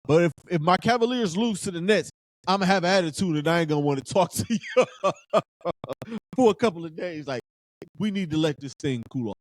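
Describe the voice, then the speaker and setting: A man with a high, light voice hosts a casual sports podcast. He talks emphatically and keeps circling back to the same phrases. The sound is dry and close, with no room around it. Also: expressive, brisk, no room sound. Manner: fired-up, emphatic, repeats phrases for effect.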